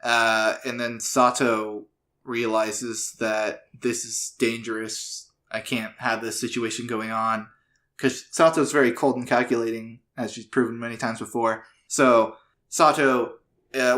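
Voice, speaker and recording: A man with a bright, forward voice at an everyday middle pitch, retelling an episode in an easygoing podcast chat. He rambles a little, fills gaps with "uh", and drops in quick quoted lines. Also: little pitch movement. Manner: loose retelling with quick put-on quotes and fillers. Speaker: podcast co-host. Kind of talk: casual podcast recap.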